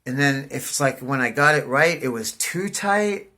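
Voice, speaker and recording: A man's voice: mid-range voice, moderate pace. Rambling, profane man telling a story. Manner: profane, rambling, says "dude" constantly; animated, voice jumps up in excitement. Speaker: vlogger. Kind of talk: casual storytelling monologue.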